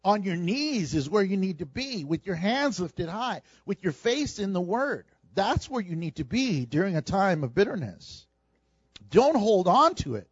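A man preaching a sermon, animated and humorous, acting out the people in his story. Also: sits high, unhurried, breathy edge, dry recording, lo-fi sound. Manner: animated preaching, acts out quoted voices with humor. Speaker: pastor.

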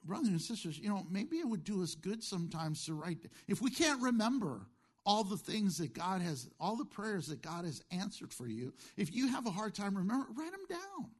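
A man's voice: sits high, sing-song, moderate pace, slightly rough. A man preaching a sermon as pastor, firing questions at the congregation and answering them himself, with jokey asides.

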